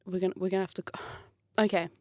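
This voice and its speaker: A woman's voice: on the low side, fast talker, no room sound, clean studio sound. Chatty woman telling a story. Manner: animated, laughs often, acts out quoted voices. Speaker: guest telling a work story. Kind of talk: casual storytelling.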